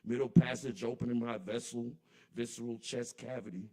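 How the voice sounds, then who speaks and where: Speaking at a moderate pace with a medium pitch and flat delivery, a man performs poetry at a kava bar open mic. His spoken word has a rhythmic, incantatory pull and shifts between quiet and loud passages.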